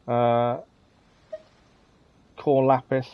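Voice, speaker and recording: A man's voice: medium pitch, completely flat delivery, extremely slow, clean tone, dry recording, highs cut off. A male streamer giving casual let's-play commentary, thinking aloud and hesitating with frequent ums.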